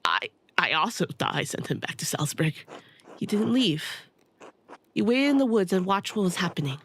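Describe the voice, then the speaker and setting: A woman reading aloud the lines of a weary, grieving older male hermit scholar from a story game, in a subdued, halting way. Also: lowish voice, sing-song, fairly bright tone, slight background noise.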